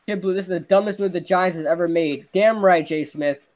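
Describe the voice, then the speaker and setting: A young man with a high voice hosts a casual sports podcast. He rants about football with excitable energy and laughs often. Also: brisk. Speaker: podcast host.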